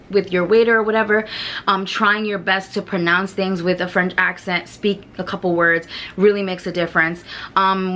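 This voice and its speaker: A woman's voice: mid-range voice, fairly bright tone. A woman giving casual travel tips to camera in a frank, chatty way with mild swearing. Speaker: travel vlogger.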